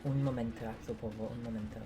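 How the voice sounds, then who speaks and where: A woman's voice: a bass voice, steady tone, rapid-fire, over music. A woman, streaming a game and chatting playfully with viewers as she reads the chat. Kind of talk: casual live-stream chat, reading and answering viewers.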